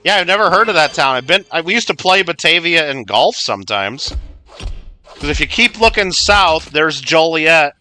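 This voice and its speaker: A man's voice: a little high, sing-song, moderate pace, sharp tone. A man from Illinois chatting casually while streaming a video game, playfully scolding his teammates. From Illinois, USA. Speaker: livestreamer. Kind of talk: casual gameplay chat.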